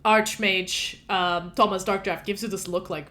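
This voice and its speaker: A woman's voice: mid-range voice, steady tone, measured pace, pushed and bright, slight background noise. A woman runs a tabletop role-playing game, narrating the scene casually. She talks in a loose, chatty way with frequent fillers and restarts. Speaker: game master.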